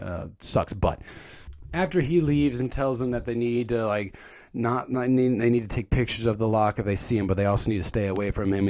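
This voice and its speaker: A man's voice: mid-range voice, a little mellow. A young man giving a casual, joking movie recap, rambling and stumbling over his words. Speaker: video creator recapping a movie.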